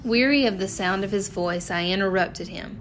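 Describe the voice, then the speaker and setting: A woman's voice: medium pitch, normal speed, soft background music. Woman narrating an audiobook.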